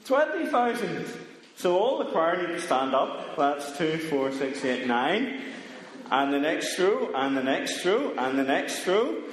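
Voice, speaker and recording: A man's voice: on the high side, lively intonation, a little slow. A man preaching a playful, interactive children's talk to a church congregation, coaxing people up from the pews to act out a story. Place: large church hall. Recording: echoey hall with long reverb, faint noise.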